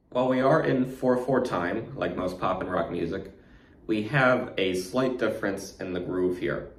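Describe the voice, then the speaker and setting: Man, very low voice, guitar teacher, counts beats out loud, echoey room. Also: distant mic. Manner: counts beats aloud slowly, demonstrates as he talks. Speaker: guitar instructor. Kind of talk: online guitar lesson. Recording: echoey room with faint noise.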